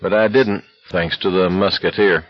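A man voicing an unhinged, reckless young male walker who yells hoarse taunts. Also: fairly low pitch, expressive, brisk, no room sound, dull audio, soft background music. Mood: dead sullen.

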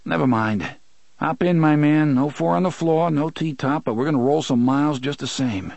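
A man's voice: fairly high pitch, moderate pace, gravelly, darkish tone, no room sound, pitched above the performer's own voice. A man reading an audiobook, voicing a brash, slangy young man who cracks jokes. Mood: jokey. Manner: slangy, wisecracking. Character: young adult man, brash streetwise joker.

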